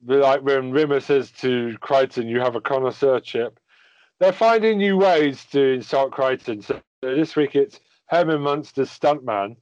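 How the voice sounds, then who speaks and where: Male podcast co-host, casual and halting, dry dull recording. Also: medium pitch, lively intonation, a little mellow, no echo. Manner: hesitant, many ums. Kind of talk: casual chat.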